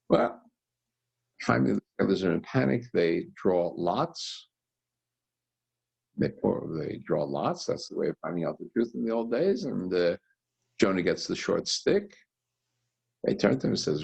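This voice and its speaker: A man, a rabbi, teaching a scripture study session and telling the story with animated voices for its characters. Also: mid-range voice, moderate pace, vocal fry, breathy edge. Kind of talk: text study lesson.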